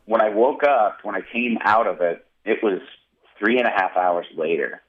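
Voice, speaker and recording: A male pastor telling a personal testimony in an interview, animated and vivid. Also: on the low side, normal speed, narrow, tinny audio. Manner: animated storyteller, acting out quotes.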